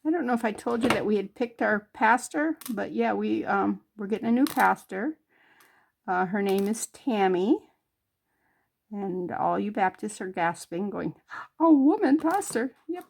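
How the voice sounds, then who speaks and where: A woman's voice: medium pitch, measured pace, gravelly. A middle-aged woman from northern New York, hosting a jewelry crafting vlog in a homey, rambling way with many fillers. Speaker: jewelry crafting channel host.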